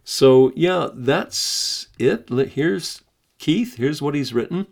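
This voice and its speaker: A slow-speaking American man with a gravelly edge to his voice hosts a podcast. He talks in a conversational, hesitant way, pausing often, and also reads a written story aloud. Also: on the high side, animated. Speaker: podcast host. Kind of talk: casual podcast talk and reading a story aloud.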